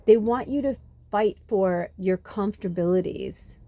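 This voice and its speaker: A woman's voice: medium pitch, unhurried, mellow. A woman spiritual reader in a casual, rambling monologue, swearing often and saying "like" a lot, recorded on a phone. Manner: rambling, frequent swearing, many "like"s.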